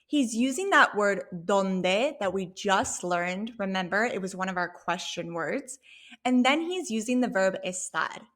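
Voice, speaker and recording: A woman teaching a Spanish lesson, explaining a sample dialogue clearly and patiently. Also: medium pitch, lively intonation, fairly bright tone. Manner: clear, patient, slow when modeling Spanish phrases.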